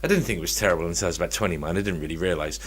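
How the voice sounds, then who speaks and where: A man's voice: low-pitched, rapid-fire, slightly rough. A man co-hosting a casual chat podcast, talking in a wry, teasing, joking way. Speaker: podcast co-host.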